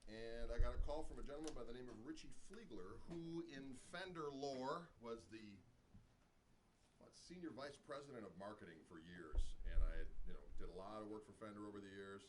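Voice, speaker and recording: A man's voice: mid-range voice, fairly quick, slight background noise, poor audio. A man casually telling a rambling story at a live guitar clinic, peppered with "you know". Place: music store clinic before an audience.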